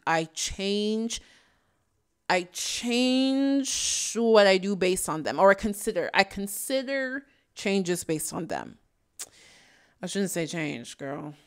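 A woman's voice: lowish voice, clear, resonant tone. A woman hosting a casual commentary video, chatting in a sassy way and laughing often. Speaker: YouTube commentary host. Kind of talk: casual chat.

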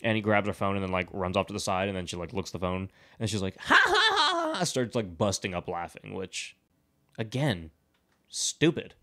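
A man hosts a casual movie podcast in a fairly low voice. He rambles through the plot recap and swears freely. His talk is loose and full of fillers. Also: a little fast, a bit bright. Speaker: podcast host.

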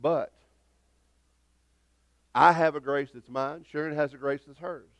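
A man's voice: on the high side, fairly even intonation, unhurried. A middle-aged man, preaching a sermon as pastor in a folksy, rambling storytelling way with many restarts. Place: church sanctuary.

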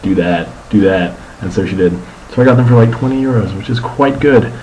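A man's voice: mid-range voice, fast, warm tone, a little hiss or hum, rough recording. A young man rambling through a casual video diary about his day as a student, full of ums and restarts. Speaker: student vlogger.

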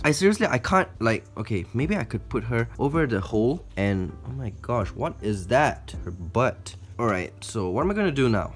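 A man vlogging as he handles a defensive tarantula, anxious and exclaiming, talking to viewers and to the spider. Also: medium pitch. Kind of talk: casual vlog narration while handling a spider.

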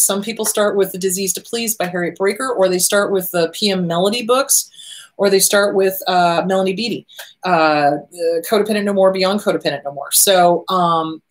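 A middle-aged woman therapist hosting a show, talking casually and animatedly, often acting out the voices she quotes. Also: mid-range voice. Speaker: therapist host. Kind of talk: casual advice talk.

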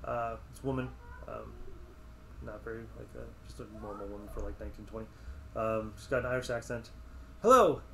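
A man's voice: fairly low pitch, level tone, brisk, vocal fry, noisy background. A man running a tabletop adventure as game master, talking casually with many fillers and restarts.

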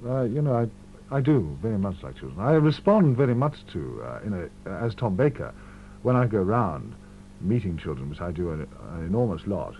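Lively low-voiced man on old radio. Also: moderate pace. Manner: expansive, animated storytelling. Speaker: actor as interview guest. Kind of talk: radio interview. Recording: muffled 1970s radio archive with hum.

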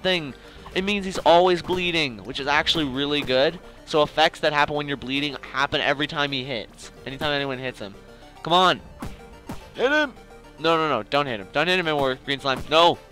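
A man's voice: fairly high pitch, normal speed, a bit bright, soft background music. A young man giving casual, jokey commentary over his own video game play, talking to the enemies on screen. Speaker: gaming channel host.

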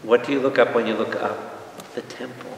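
A man teaching a lively Bible study to an audience, often asking them questions and acting out quotes. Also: medium pitch, moderate pace, creaky, a little hiss or hum. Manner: animated, asks the audience questions, acts out quotes. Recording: echoey hall from far off.

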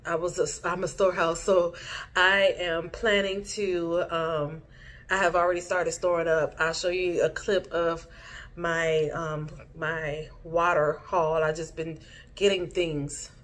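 A woman's voice: on the low side, level tone, slow pace, a bit bright. A woman vlogger casually recounting a dream in a rambling way, full of fillers and restarts. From Haiti. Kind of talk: casual storytelling vlog.

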